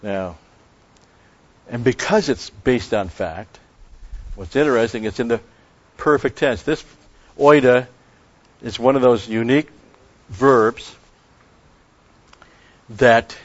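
A man teaching the Bible in an expository sermon, emphatic, repeating key phrases and slowing down on Greek words. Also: medium pitch, expressive. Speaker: preacher. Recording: dull lo-fi recording.

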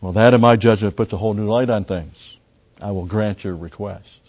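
A man voicing a grave army general in a retold story, speaking in a measured, deliberate way over a slightly muffled recording. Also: on the low side, a little mellow. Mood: surprised.

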